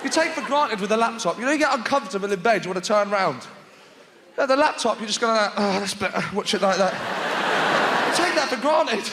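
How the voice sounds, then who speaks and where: A man performing stand-up comedy on a theatre stage, animated and often shouting. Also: very high voice, fairly quick. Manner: animated, shouting bits and put-on voices. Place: large theatre stage with live audience. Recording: echoey hall with crowd noise.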